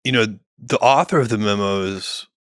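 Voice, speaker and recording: A middle-aged man with a bright, clear tone and a voice sitting a little low, speaking in a measured, musing way and often restarting his sentences. The sound is dry and close. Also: no room sound. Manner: measured, thinks aloud with many "you know" fillers and restarts. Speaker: guest, company founder. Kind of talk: relaxed podcast conversation.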